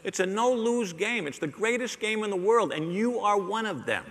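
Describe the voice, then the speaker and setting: A man's voice: sits high, animated, normal speed, fairly bright tone. A man giving a live keynote on sales to a conference audience, joking and teasing the crowd with punchy repetition. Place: large hall on stage. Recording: long hall reverb.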